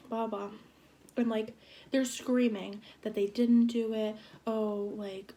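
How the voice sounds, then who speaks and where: A young woman in her twenties telling a storytime vlog in an animated, exasperated way. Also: a little high, a little slow. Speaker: vlogger. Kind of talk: storytime vlog while eating.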